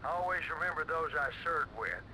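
A gruff, folksy one-eyed veteran. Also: male voice, a little high, lively intonation, normal speed, bright, forceful tone, slight background noise, low-quality recording.

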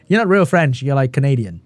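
Guy streaming esports commentary, super animated up and down voice, laughs a lot, dry sound. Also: medium pitch, dry recording. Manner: excitable, laughs often, chats with viewers. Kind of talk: live game commentary while reading chat.

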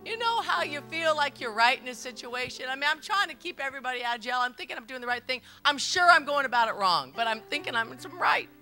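A woman's voice: sits high, expressive, fast, few pauses, pushed and bright, faint music behind. A middle-aged woman pastor preaching a sermon, telling stories emphatically, repeating phrases and laughing along as she goes. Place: church service.

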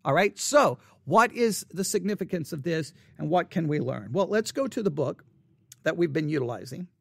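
A man's voice: a little high, lively intonation, normal speed, vocal fry, dry recording, studio quality. A man teaching a casual Bible word study, thinking aloud and repeating words as he reads verses and notes.

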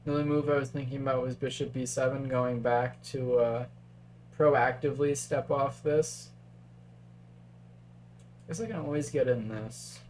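A man talking through a chess game on a live stream in a loose, chatty way, musing over candidate moves and tossing replies to chat. His voice sits at an ordinary middle pitch, with a faint hum running underneath. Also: fairly even intonation, measured pace, pauses often, darkish tone. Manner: chatty, thinks aloud, reads chat. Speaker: chess commentator. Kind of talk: casual live-stream commentary.

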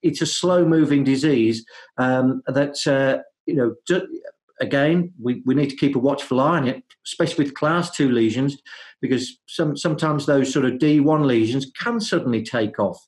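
A man, a dentist, talking through his ideas in a podcast interview, with many fillers, restarts and hesitant pauses. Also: mid-range voice, darkish tone. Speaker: guest dentist.

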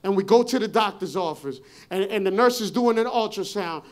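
A pastor preaching a sermon in a church on a handheld mic. He often repeats and restarts his words, and his voice swells into shouts as his passion builds. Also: high-pitched, lively intonation, a little fast. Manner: impassioned preaching, rising to shouts. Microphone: handheld microphone.

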